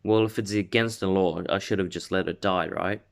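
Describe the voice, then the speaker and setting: A man voicing a teenage boy turned vampire who answers in flat, terse lines. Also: deep voice, a little fast, gravelly. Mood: defiant.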